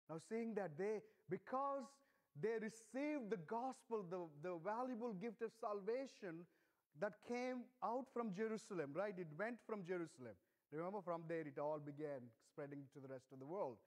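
Middle-aged guy preaching in church, pretty high voice, earnest, leans hard on key words. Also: normal speed. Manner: earnest, emphatic, stresses key words with rising pitch. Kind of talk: sermon.

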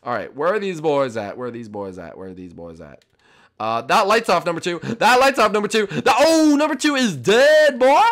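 A boastful young koopa prince, played by a man in a Minecraft role-play, taunting the others with a voice that swoops wildly up and down. He is excitable and shouts out his countdowns. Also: sits high, normal speed, voice pushed up.

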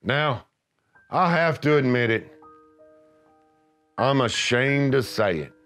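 A middle-aged man narrating scripted comedy with gruff, deadpan macho pronouncements. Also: mid-range voice, slow, soft background music.

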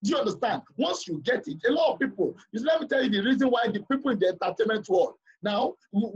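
Man, high husky voice, emphatic class lecturer who keeps checking understanding; muffled lo-fi sound. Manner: emphatic, repeats points, asks the class questions.

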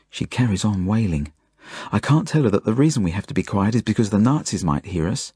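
Deep, husky Australian storyteller. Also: male voice, lively intonation, fairly quick, warm tone, no echo, studio quality. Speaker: author reading his own novel. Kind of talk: audiobook narration, first person.

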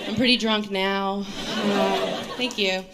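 A woman in her thirties from New York doing a stand-up set on stage, with a deadpan, self-mocking delivery full of fillers. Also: medium pitch, slow pace. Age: 30s. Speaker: stand-up comedian. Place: comedy stage before a live audience. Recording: live show with crowd laughter. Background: audience laughter.

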